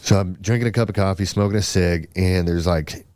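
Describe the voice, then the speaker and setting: Deep-voiced man telling a rambling story. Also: a little fast, darkish tone, dry recording. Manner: rambling, lots of fillers and restarts. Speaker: podcast host. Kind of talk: casual storytelling.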